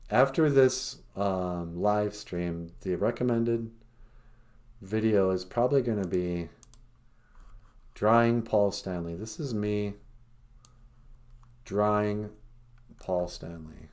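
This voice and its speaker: Laid-back guy from northern minnesota on a livestream, talks slow, rambles and makes fun of himself a lot. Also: lowish voice, darkish tone. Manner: rambling, self-deprecating joking, full of fillers. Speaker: podcast host and cartoonist. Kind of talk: casual livestream chat.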